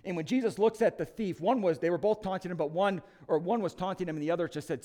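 A male lead pastor preaching an Easter sermon in church. He is emphatic and swings from loud declarations to hushed appeals. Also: sits high, fast talker, hardly any pauses.

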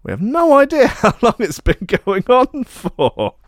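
Brief: man putting on an indignant wronged woman, pitched high, lively and aggrieved. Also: unhurried, no echo, studio quality, full character voice. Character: aggrieved woman reading her complaint, indignant.

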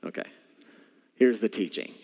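A man's voice: moderate pace, a little mellow. A male pastor preaching a sermon, telling a story with animation and speaking straight to his congregation. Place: church sanctuary. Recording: church hall with long reverb.

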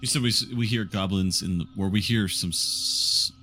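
A man with a very deep voice plays a tabletop game, asking careful questions. He talks slowly and hesitantly, feeling his way through each point. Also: sharp tone, faint music behind. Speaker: player. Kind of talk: casual tabletop play.

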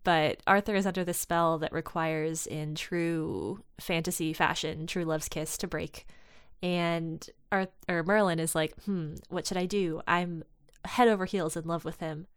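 A woman with a low, smooth voice in casual chat, recapping a story and slipping into the characters' lines as she goes. The sound is dry and close, with no room around it. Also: fairly even intonation, a little slow, no room sound. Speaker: podcast co-host discussing fan fiction.

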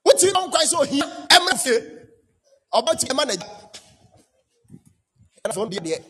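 A pastor preaching a fiery sermon, shouting and chanting repeated declarations. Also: male voice, extremely high pitch, sing-song, fairly quick. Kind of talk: fiery sermon mixing Twi and English.

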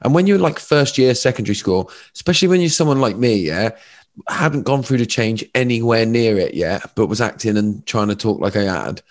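A man, telling lively stories as a podcast guest. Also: on the low side, a little fast. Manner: animated storyteller, lots of fillers. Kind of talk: casual chat.

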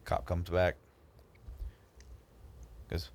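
A man's voice: sits low, moderate pace. A man telling a story in casual chat with friends, acting out the other people in it and often repeating himself. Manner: animated, acts out the other people in his story; repeats words and restarts a lot.

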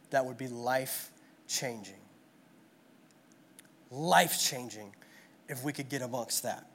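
A pastor preaches a sermon at a church gathering, earnest and repetitive, packing in rhetorical questions. His voice is medium in pitch and a bit bright.

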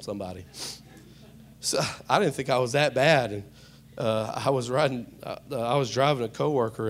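A man's voice: medium pitch, slight background noise. A man preaching a humorous sermon, telling jokey stories and calling out to the congregation. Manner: joking, storytelling, calls out to the congregation. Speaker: pastor.

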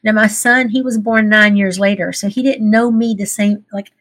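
A woman's voice: medium pitch, steady tone, normal speed, fairly bright tone. Earnest woman telling a hard story. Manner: earnest and emotional, laughs through tears. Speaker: guest. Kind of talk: candid interview storytelling.

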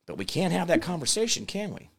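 Guy ranting on his show, high lively voice, sarcastic. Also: quick pace, vocal fry, husky. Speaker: host. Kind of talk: political commentary show.

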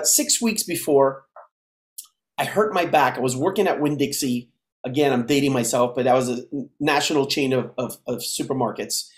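A man in his fifties from the United States, a podcast guest telling his life story in a lively way and acting out the voices of the people in it. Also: fairly high pitch. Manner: animated storyteller who acts out dialogue. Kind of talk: casual storytelling interview. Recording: roomy echo.

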